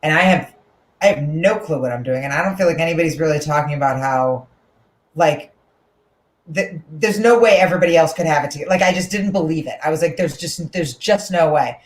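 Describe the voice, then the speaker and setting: Woman comic, thirties, chatty and animated, echoey room. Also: sits low, quick pace. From Newton, Massachusetts. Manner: chatty, animated, many fillers and restarts. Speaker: guest comedian. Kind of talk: casual interview chat.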